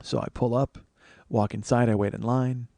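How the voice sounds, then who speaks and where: A man's voice: medium pitch, little pitch movement, moderate pace, mellow, no echo. A man in his forties, a comedian hosting his own show, telling a rambling, profane, self-mocking story. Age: 40s. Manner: rambling, profane, self-mocking, with lots of fillers and acted-out quotes. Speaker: comedian host. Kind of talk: comic storytelling monologue.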